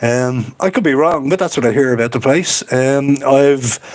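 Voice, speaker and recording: A man's voice: mid-range voice, moderate pace. A man with an Irish accent, hosting a casual livestream and chatting loosely as he reads comments aloud, rambling and laughing often. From Ireland. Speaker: livestream host.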